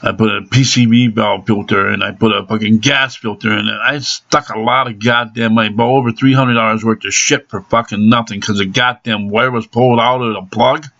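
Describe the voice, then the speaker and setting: Gravelly low-voiced angry man cursing. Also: steady tone, a little fast, few pauses, fairly bright tone, lo-fi sound. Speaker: car repair vlogger. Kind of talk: profane venting monologue.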